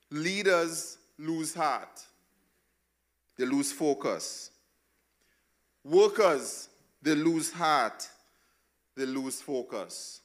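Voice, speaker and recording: Slow, emphatic male preacher. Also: a little high, animated. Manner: emphatic, repetitive, swings between soft and loud. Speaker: pastor. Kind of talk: sermon.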